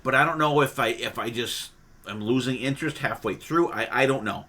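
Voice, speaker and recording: A man's voice: medium pitch, fairly quick, sharp tone. A man hosting a podcast in casual chat, rambling with frequent restarts and casual swearing. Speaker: podcast host.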